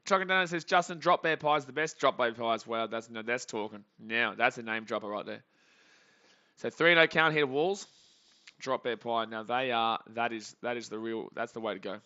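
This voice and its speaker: Excitable Australian guy reacting live. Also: medium pitch, normal speed, dull audio. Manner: excitable, jokey, swings between muttering and shouting. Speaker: live-stream sports reaction host. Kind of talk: live play-by-play reaction chat.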